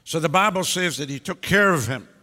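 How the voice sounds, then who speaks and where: A man's voice: a little high, lively intonation, a little fast, bright, forceful tone. A male pastor preaching a sermon in a large church, blunt and emphatic, breaking into scolding bursts. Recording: long hall reverb.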